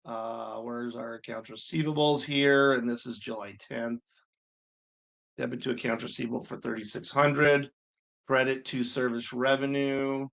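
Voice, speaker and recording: A male instructor talks his students through accounting homework in a relaxed, unscripted way. His voice sits at an ordinary pitch with a gravelly fry. He thinks aloud as he works and lets some mild exasperation slip through. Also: unhurried. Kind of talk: screen-recorded homework walkthrough.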